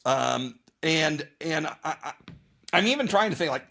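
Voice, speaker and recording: A man's voice: a little high, unhurried, creaky. A man telling a long story in a casual interview, rambling and repeating words, acting out his own thoughts and other people's lines. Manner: rambling, animated, many restarts and repeated words. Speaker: guest ultrarunner.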